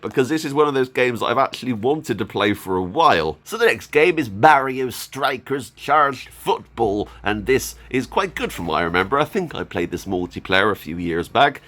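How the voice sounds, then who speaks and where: Chatty man with a lively voice. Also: mid-range voice. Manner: chatty, enthusiastic, laughs often. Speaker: gaming YouTuber. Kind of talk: casual vlog, showing off a game haul.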